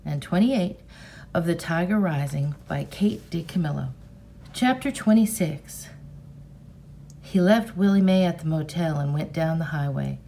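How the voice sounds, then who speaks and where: Slow, low-voiced teacher reading aloud. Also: female voice, a little hiss or hum. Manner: slow, expressive storytelling. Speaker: fourth grade teacher. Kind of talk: reading a novel aloud to students.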